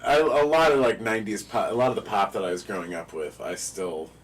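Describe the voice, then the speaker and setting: A man's voice: on the low side, a little fast, recorded from a distance, low-quality recording. A man co-hosting a casual podcast, agreeable and giving short replies. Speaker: podcast co-host. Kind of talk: casual chat.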